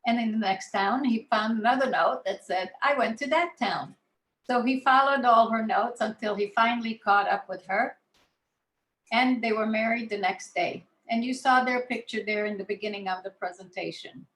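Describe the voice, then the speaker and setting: Woman born in Israel, guest speaker, relaxed anecdotal storytelling, roomy echo. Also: on the high side, moderate pace. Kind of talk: personal storytelling talk.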